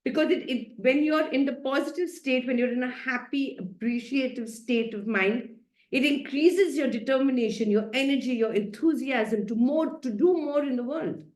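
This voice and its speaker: A woman's voice: high-pitched, moderate pace, a little mellow. A woman, a happiness coach giving a chatty, playful self-care talk over a video call, often laughing and coaxing her listeners.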